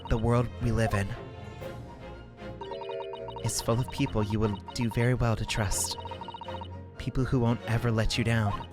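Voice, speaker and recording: A man voicing a sincere young male law student in a game, speaking slowly and solemnly. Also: mid-range voice, flat delivery, music in the background, pitched below the performer's own voice, lightly acted. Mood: earnest.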